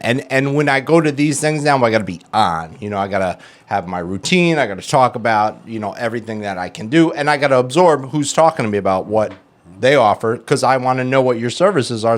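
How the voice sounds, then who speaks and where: A man co-hosting a podcast, telling a casual story, swearing and acting out quotes. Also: mid-range voice. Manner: animated, swearing, acts out quotes. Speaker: podcast co-host. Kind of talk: casual storytelling in recovery talk.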